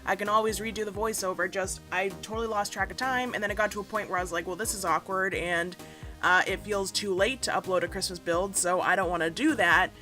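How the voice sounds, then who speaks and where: A young woman, a gaming YouTuber, chats casually while doing a speed build in a game, talking fairly quickly in a steady tone. She rambles and pokes fun at herself, breaking into sudden playful asides and squeaky silly voices. Soft music plays in the background.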